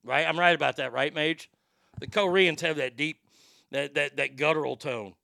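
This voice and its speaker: Guy ranting crude and rambly, stammers a lot, bright voice pretty high, dry sound. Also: normal speed, gravelly, no room sound. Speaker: show host. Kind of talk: profane comedic rant.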